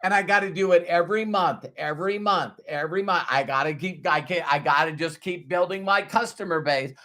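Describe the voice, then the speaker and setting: A man with a fairly high voice gives a motivational business talk. He tells his story in an animated, emphatic way and repeats key phrases for effect. It sounds like a coach speaking directly to his followers. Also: a little fast. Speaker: business trainer.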